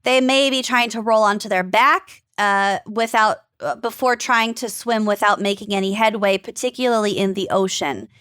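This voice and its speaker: A woman's voice: mid-range voice, steady tone, normal speed, few pauses, fairly bright tone, clean tone, no echo, clean studio sound. A woman co-hosting a casual podcast, reading notes and quoting sources at length. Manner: explains at length, quotes sources, laughs easily. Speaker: podcast co-host.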